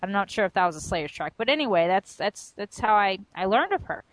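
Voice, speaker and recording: A young adult woman co-hosting a podcast, chatting in a teasing, halting way. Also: medium pitch, sing-song, no echo, rough recording. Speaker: podcast co-host. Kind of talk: casual chat.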